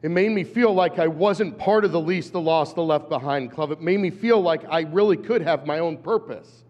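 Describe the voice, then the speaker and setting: A man in his fifties, an animated storyteller who acts out voices, giving a talk at a conference. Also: on the high side, moderate pace. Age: 50s. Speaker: conference speaker. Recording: dull hall recording with long reverb.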